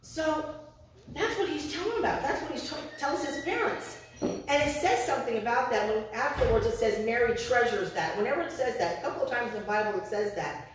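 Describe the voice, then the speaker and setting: Woman preacher, fairly high voice, storytelling sermon, echoey room, heard from a distance. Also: brisk, slight background noise. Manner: conversational storytelling, acts out voices of parents.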